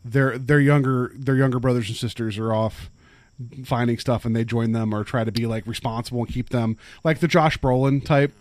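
A man's voice: medium pitch, fairly even intonation, normal speed, a little mellow, dry recording. A man co-hosting a podcast, chatting casually about movies in a rambling way full of fillers. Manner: rambling, many fillers and restarts. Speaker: podcast co-host.

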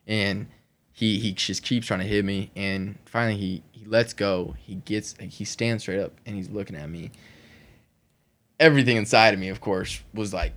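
A young man telling his personal testimony in casual conversation, animated, laughing often and acting out what people said. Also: fairly low pitch, moderate pace. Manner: animated, acts out quoted voices, laughs often.

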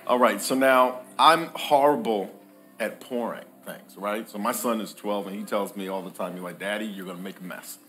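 A man's voice: lowish voice, normal speed, a bit bright, soft background music. A preacher man in his thirties or forties giving a playful sermon, joking with his congregation and calling for their responses. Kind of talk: lively sermon with audience call-and-response. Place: church hall with live congregation.

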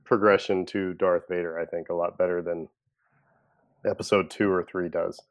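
A man's voice: low-pitched, little pitch movement, moderate pace. A man co-hosting a casual podcast chat, musing aloud with many fillers. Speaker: podcast co-host.

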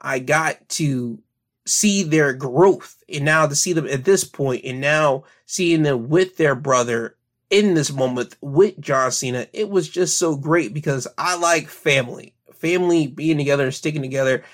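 A man's voice: on the high side, unhurried. A young man hosting a podcast, casually recounting wrestling events with frequent fillers. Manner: recounts events in future tense, filler-heavy. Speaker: podcast host.

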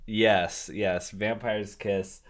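Laid-back male podcast co-host, lowish voice, loose rambling delivery, casual swearing. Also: little pitch movement, extremely slow. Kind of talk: casual chat.

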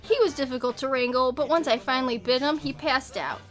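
A woman's voice: high voice, a little fast, soft background music. A woman reading a comic story aloud to friends, giving the characters small voices and laughing often. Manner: reads with small put-on quotes, laughs often. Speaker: podcast co-host reading a story.

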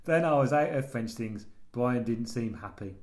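A man's voice: medium pitch, animated, darkish tone, lightly acted. A man reading out a letter in the voice of a simple-minded, bumbling male writer who uses broken grammar. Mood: deadpan. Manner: slow, halting, broken grammar.

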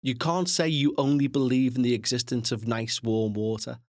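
Steady and a little mellow, a male podcast host talks at a moderate pace with medium pitch, captured in a studio with no room sound. He rambles casually to his audience through asides, dropping in the odd swear.

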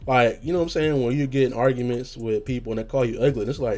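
Hoarse man rambling through a story. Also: mid-range voice, very animated, a little fast, darkish tone. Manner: rambling, laughing, peppers talk with "you know what I'm saying". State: hoarse, just woke up. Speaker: podcast host. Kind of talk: casual storytelling monologue.

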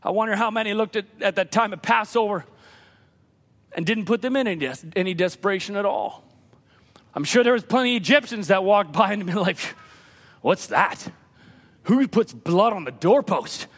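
A man preaching a fervent sermon, shouting at times and dropping to hushed low tones. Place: church. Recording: long reverb of a church hall.

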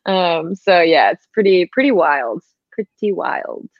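A chatty woman from Georgia talks as a guest, her voice set a little low. She laughs often and leans on fillers. The sound is dry and slightly muffled. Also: expressive, unhurried, no echo. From Georgia, USA. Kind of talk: casual interview chat.

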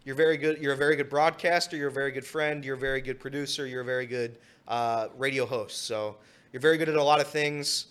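A man's voice: mid-range voice, fairly even intonation, fast talker, fairly bright tone, smooth. A man co-hosting a casual sports radio show, joking and teasing with a laugh in his voice. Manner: teasing and jokey, laughing often. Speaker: radio co-host and producer.

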